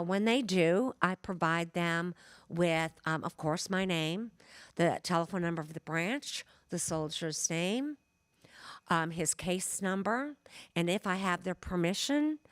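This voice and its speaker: A woman's voice: lowish voice, clean tone, dry recording, clean studio sound. A woman from Michigan with a Midwestern accent, giving a chatty, storytelling lecture as a genealogist. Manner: chatty, storytelling, with many fillers. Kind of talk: conversational lecture.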